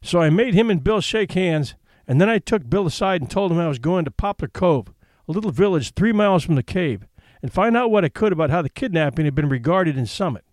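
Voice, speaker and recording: A man reading a humorous story aloud as narrator, with an expressive, wry first-person telling. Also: a little high, fairly quick, no echo. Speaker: audiobook narrator.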